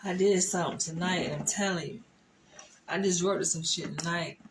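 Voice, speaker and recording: A woman's voice: on the low side, steady tone, moderate pace. A woman telling a story in a vlog, swearing often, laughing and stressing her words. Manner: profane, laughing, emphatic. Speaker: vlogger. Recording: faint background noise.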